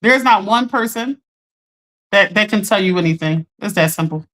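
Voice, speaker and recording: A woman's voice: mid-range voice, normal speed, fairly bright tone. A woman hosting a casual coaching livestream, talking straight to her viewers in a chatty, direct way.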